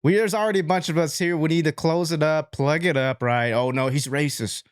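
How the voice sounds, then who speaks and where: A man's voice: a little high, steady tone, a little fast, clear, resonant tone, no echo, clean studio sound. Blunt man hosting political commentary. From Latino. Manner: blunt, conversational, addresses viewers as folks. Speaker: commentary show host.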